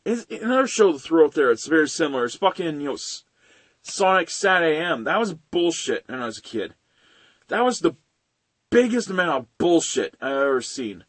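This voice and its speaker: A young man rants through a cartoon review, cursing freely and pushing his voice up and down with lively swings in pitch. His pitch sits a bit above average for a man, and the sound is close and dry with no room around it. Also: normal speed, dry recording. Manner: swears often, rants animatedly. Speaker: video reviewer. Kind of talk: profane rant-style review.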